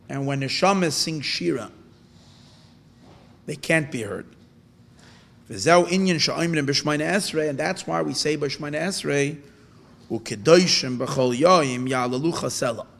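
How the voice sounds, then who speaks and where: Telling a story to convey a Torah lesson, this man speaks in a slightly high, creaky voice. He stops and restarts often, asking himself questions and then supplying the answers.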